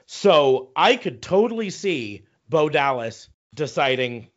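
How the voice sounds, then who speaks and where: A man co-hosting a casual wrestling podcast, ranting with a lot of swearing and halting restarts. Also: fairly high pitch, very animated, muffled recording. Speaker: podcast co-host.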